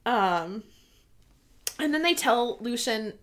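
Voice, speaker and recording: A woman's voice: on the high side, lively intonation, takes it slowly, fairly bright tone. A woman co-hosting a casual book chat, gushing and giggly, with lots of "like" in her speech. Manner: gushing and giggly, heavy "like" fillers. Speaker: podcast co-host.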